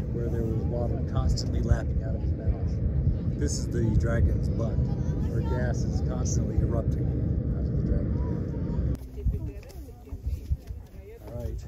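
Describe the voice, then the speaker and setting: A man's voice: mid-range voice, wildly swooping pitch, unhurried, long pauses, recorded from a distance. Jokey man filming a road trip in a car. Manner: jokey, upbeat running commentary. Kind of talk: casual travel vlog narration. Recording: loud road and car noise.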